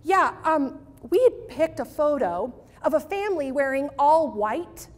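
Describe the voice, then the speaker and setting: Female keynote presenter, high and unhurried, animated and pleading, long hall reverb. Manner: animated, emphatic, pleading asides. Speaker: keynote speaker. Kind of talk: live marketing keynote talk.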